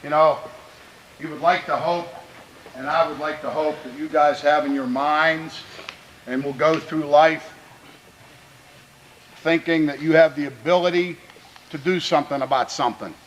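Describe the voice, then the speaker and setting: A man coaching his high school football team before a game, his voice pitched a little above the usual for a man. He talks to the players in an earnest, plainspoken way, with faint noise in the background. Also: steady tone, low-quality recording. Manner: earnest, plainspoken exhortation, pausing to restart phrases; grows louder and more fervent when speaking of country. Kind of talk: pregame locker-room speech to players.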